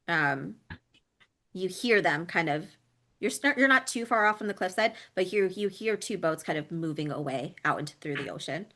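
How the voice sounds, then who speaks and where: A woman narrating as game master of a tabletop role-play, describing scenes with frequent ums and pauses. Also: lowish voice, animated, pushed and bright. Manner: descriptive, hesitant with many ums.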